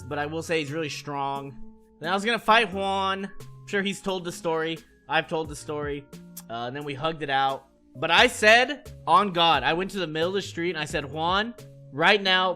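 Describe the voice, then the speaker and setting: Hyped guy with a high, bright voice telling party stories on stream, faint music behind. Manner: excitable, swears, acts out quotes with big pitch swings. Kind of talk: animated storytelling recap.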